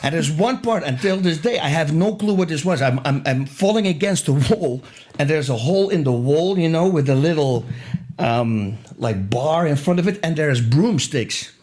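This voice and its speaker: Animated man telling a wild story. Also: a little high, moderate pace. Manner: lively, laughing often, repeats words for emphasis. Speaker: podcast guest. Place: podcast studio. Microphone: studio microphone.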